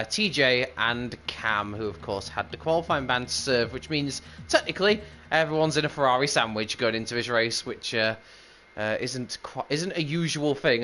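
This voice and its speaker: A man's voice: medium pitch, bright, forceful tone, a little hiss or hum. A man commentating a sim racing qualifying session with chatty, upbeat play-by-play and frequent fillers. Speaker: lead commentator. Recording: music bed underneath.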